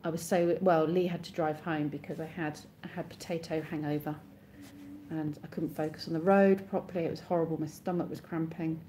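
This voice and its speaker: A woman's voice: sits low, steady tone, a little fast, mellow, slight background noise. A woman in her thirties, chatting casually on a live stream and answering viewers' comments as they come in.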